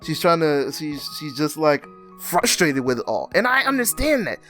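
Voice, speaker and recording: A young man recapping a comic in a casual, animated, slangy way, often laughing as he rants. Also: fairly high pitch, moderate pace, soft background music. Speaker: comic reviewer.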